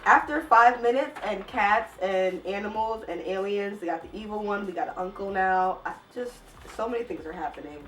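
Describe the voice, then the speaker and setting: A young woman reacts to what she reads in a vlog, exasperated and incredulous. Her pitch swings widely as she talks. She sits a little back from the mic in an echoey room. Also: animated, moderate pace, a bit bright, far from the mic, slight background noise. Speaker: book vlogger.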